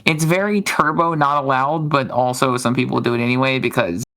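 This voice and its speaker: A woman's voice: extremely low pitch, fairly even intonation, fairly quick, fairly bright tone. A woman streamer chatting casually, rambling and giggling as she retells stories and acts out quotes. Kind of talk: casual chat.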